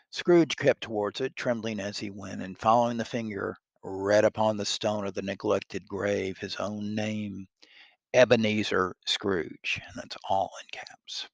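A man reading a classic story aloud, pausing to explain passages and reread lines. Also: lowish voice, steady tone, vocal fry, no echo. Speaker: reader.

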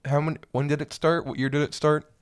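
A man's voice: fairly high pitch, level tone, fast, clear, resonant tone. A man talking in a crude, rambling way, often laughing, during a casual podcast chat. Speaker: co-host.

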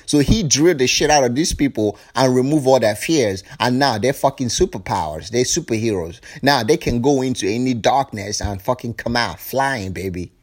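A man's voice: mid-range voice, lively intonation, normal speed, few pauses. A man giving a fervent spiritual monologue, preachy and profane, often acting out other people's voices. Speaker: spiritual speaker.

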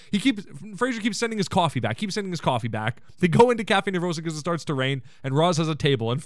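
A man's voice: sits high, sing-song, a little fast, a bit bright, no echo, studio quality. A man hosting a podcast, recapping an episode in casual chat, enthusiastic and full of joking asides. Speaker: podcast host.

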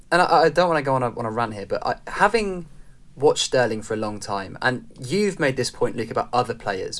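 A podcast co-host arguing football points with animation and quoting fans in mock voices. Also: mid-range voice. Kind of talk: casual football podcast chat.

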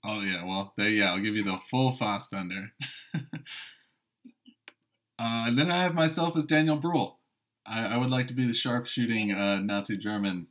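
A young man co-hosting a podcast in a relaxed chat. He talks in a somewhat low voice and hesitates often, stopping and restarting as he works through his thoughts. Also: unhurried, pauses often. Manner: hesitant, many fillers and restarts. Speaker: podcast co-host. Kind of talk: casual chat.

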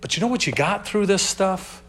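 A young man with a high voice preaches to a youth group. He talks casually and calls the listeners dude. He pushes some lines loud and drops others to a near hush. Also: animated, moderate pace. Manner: swings between loud emphasis and hushed, dropped asides. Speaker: youth pastor. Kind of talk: sermon.

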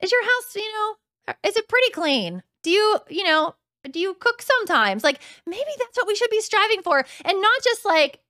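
A woman's voice: very high-pitched, very animated, normal speed, sharp tone, dry recording, studio quality. A woman in her thirties hosting a solo podcast, talking frankly and casually with lots of fillers and quoted inner voices. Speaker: podcast host.

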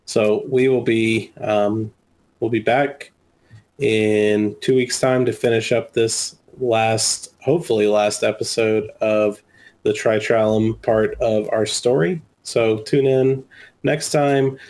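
A man's voice: on the low side, steady tone, takes it slowly, darkish tone. Easygoing man running a tabletop game. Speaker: game master and podcast host.

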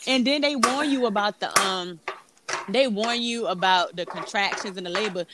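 A woman's voice: mid-range voice, normal speed. A woman talking candidly in a casual chat about new motherhood, dropping words as she talks. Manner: candid, conversational, drops verbs. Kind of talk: casual chat among moms. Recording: background noise.

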